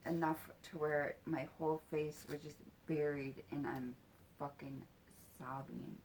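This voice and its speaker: Slow, low-voiced woman telling a story. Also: fairly even intonation, slight background noise. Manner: halting and soft-spoken, casual swearing. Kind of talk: personal storytelling.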